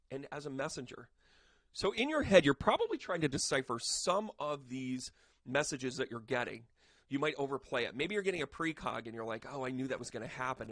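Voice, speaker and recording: Male medium, chatty tarot livestream host, slightly high voice, dry close sound, animated and jokey. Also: no echo. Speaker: psychic medium and tarot reader. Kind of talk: casual tarot reading livestream.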